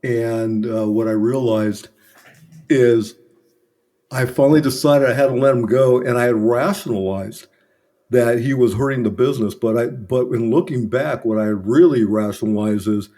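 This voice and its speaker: A middle-aged man speaks as a guest in a relaxed interview. His voice is mellow and warm, with an ordinary middle pitch. He tells stories about his own past mistakes in an earnest, self-critical way. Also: normal speed. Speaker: business consultant, podcast guest. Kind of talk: candid conversational storytelling.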